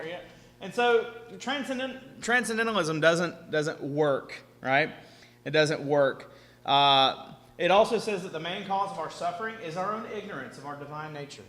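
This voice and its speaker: Bright-voiced man teaching in an echoey hall. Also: sits high, normal speed. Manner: animated, chatty, keeps asking "right?". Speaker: speaker teaching a seminar audience. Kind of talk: lively seminar talk to an audience. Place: large hall with an audience. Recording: echoey hall, faint hum.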